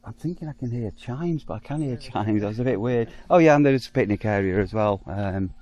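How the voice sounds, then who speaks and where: A man with a darkish tone, animated and a little fast, gives a casual walking tour of a farm park outdoors as a vlogger. Chatty along the way, he addresses the animals lovingly in a higher voice.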